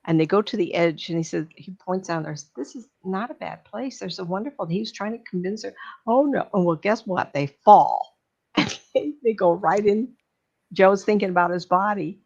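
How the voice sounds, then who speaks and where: A woman, a psychic medium, chattily retelling a movie plot and acting out the characters' lines. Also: mid-range voice. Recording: dull lo-fi recording.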